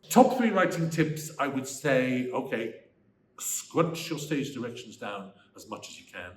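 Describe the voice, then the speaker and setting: A Welsh man in his sixties, a screenwriter answering interview questions in an animated, emphatic way that turns into bursts of ranting. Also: mid-range voice, measured pace. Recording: roomy echo, faint background noise.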